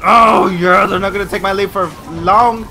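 A young man hosting a gaming channel, giving excitable live commentary with yelps and repeated cries of no. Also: high voice, moderate pace, vocal fry, crowd noise.

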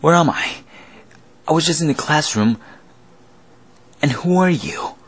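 A man doing a frightened high schoolgirl. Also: animated, measured pace, breathy edge. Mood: confused. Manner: anxious, insistent.

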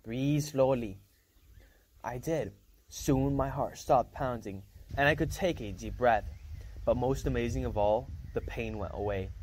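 A man's voice: mid-range voice, normal speed, a little mellow, a little hiss or hum. Man reading a novel aloud casually. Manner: casual first-person storytelling with small slips and restarts. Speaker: reader.

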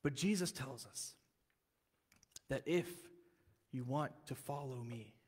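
A man preaching a sermon as pastor, telling the story in a lively, casual way and acting out the quotes. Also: mid-range voice, slow pace, breathy edge, in a large hall. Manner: animated storytelling, casual slang, acts out quotes. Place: church sanctuary.

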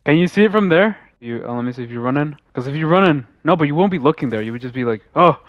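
A young man chatting casually over a headset while gaming with friends, joking, excitable and swearing often. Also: a little high, racing, phone-quality sound, slight background noise. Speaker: gamer.

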